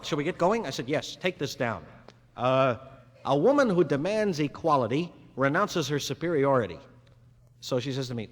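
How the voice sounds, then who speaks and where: A man doing a live stand-up monologue in a rambling, conversational way, acting out both sides of the dialogue himself. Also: medium pitch. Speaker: stand-up comedian. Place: live venue with audience. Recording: 1961 live album, long hall reverb, faint ambience.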